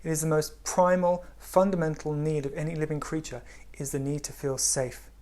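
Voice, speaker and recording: A man giving a spiritual talk in a gentle, unhurried way, often dropping to a hush. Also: fairly high pitch, flat delivery. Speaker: spiritual teacher.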